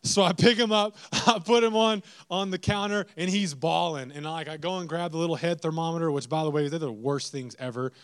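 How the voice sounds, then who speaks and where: A man's voice: on the high side, steady tone, brisk, few pauses, clean tone. A young adult man preaching, telling a self-mocking family story with acted-out quotes. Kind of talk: storytelling sermon.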